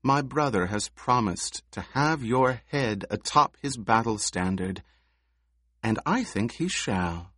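A man's voice: mid-range voice, animated, takes it slowly, a bit bright, no room sound, clean studio sound. A man voicing an eerie, haughty little girl who speaks in a cool, precise, scornful way.

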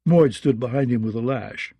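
A man narrating a fantasy audiobook in a measured, descriptive way, close to the mic. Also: mid-range voice, mellow, slightly rough, dry recording.

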